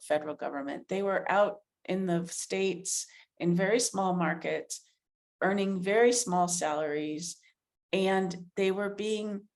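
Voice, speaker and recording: A middle-aged woman journalist answering interview questions earnestly, thinking aloud with fillers and restarts. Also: mid-range voice. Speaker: author and investigative journalist, guest.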